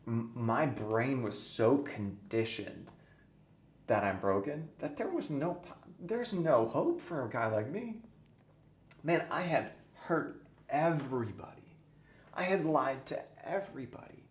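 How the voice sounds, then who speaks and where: A man's voice: mid-range voice, lively intonation, a little slow. A man guest on a podcast, telling his own story earnestly and intensely, his voice sometimes sinking to a near-whisper. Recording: echoey room with faint noise.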